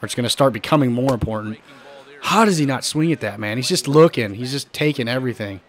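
A hoarse man giving casual, excitable commentary while playing a baseball video game, often swearing and shouting at the players. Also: mid-range voice, quick pace. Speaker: gaming channel host.

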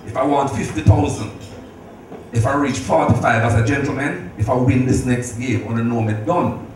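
A man's voice: mid-range voice, normal speed, darkish tone. A middle-aged man giving a heartfelt birthday speech, telling stories with laughter and a preacherly ring. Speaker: speaker at a birthday celebration. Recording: echoey hall from far off, noisy.

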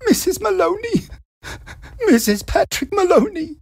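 A man voicing a young housewife who is sweet and polite on the surface but quietly calculating, turning shrill when she fakes panic. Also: sing-song, slow pace, breathy edge, dry recording, studio quality, heavily acted.

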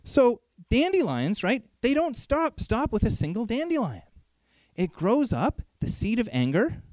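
A man preaching a sermon in an animated, conversational way, asking frequent rhetorical questions. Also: very high voice, measured pace, no echo.

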